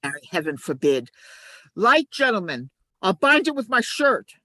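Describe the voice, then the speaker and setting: A woman's voice: big pitch swings, moderate pace, dry recording. A woman reading a sly, scheming male ensign. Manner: shifts between urgent shouts and low asides. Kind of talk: amateur play reading.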